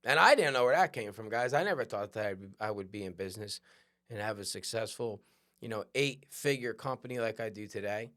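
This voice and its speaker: A man hosting a podcast, telling a personal story in a conversational, animated way and often checking in with "right?". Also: lowish voice, a little fast. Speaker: podcast host. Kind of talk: storytelling monologue.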